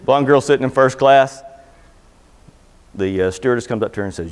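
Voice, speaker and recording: A middle-aged man addresses a live seminar audience in a relaxed, folksy way, mixing jokes and stories into his advice. His voice sits in the middle range for a man. The room has a long, lingering reverb, like a meeting hall. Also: mid-range voice, brisk, long pauses, clear, resonant tone. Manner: folksy, joking, conversational storyteller. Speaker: seminar speaker. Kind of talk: motivational seminar talk.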